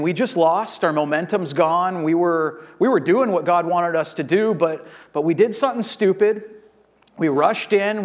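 A male pastor preaching a sermon in a conversational way, retelling scripture in casual paraphrase. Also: on the high side.

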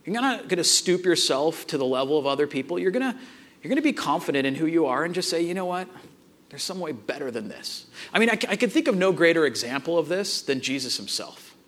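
A man preaching a sermon, telling a family story in an animated way and acting out the dialogue, with frequent restarts. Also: fairly high pitch, fast talker. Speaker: pastor.

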